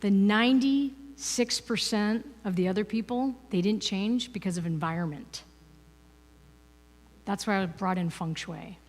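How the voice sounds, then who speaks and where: A woman serving as guest speaker at a spiritual ministry gives a chatty, conversational inspirational talk full of "you know" and "right?" Her voice is medium-pitched, a little slow and a little mellow, recorded indoors in a ministry service hall with noticeable reverb.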